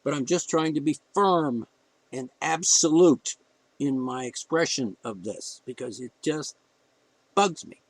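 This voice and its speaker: Heated, ranting man, fairly high voice. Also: husky, no echo, rough recording. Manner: blunt, heated ranting with profanity. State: emotional. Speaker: podcast host. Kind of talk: opinion monologue.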